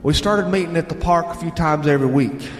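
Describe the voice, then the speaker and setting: A man with a Southern American accent, a radio host reading listener letters aloud in an unhurried storytelling way. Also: on the high side. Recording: roomy sound with long reverb and bluegrass music behind.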